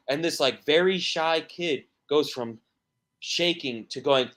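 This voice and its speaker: A man's voice: medium pitch, lively intonation, a little slow, a bit bright. A man, a musician guest on a podcast, talking casually and rambling through stories with many restarts and fillers.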